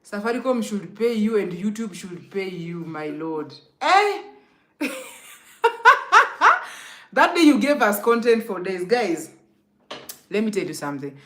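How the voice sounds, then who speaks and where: A woman's voice: medium pitch, lively intonation, unhurried, long pauses. A young Kenyan woman chatting casually on a live stream, greeting commenters by name and laughing often.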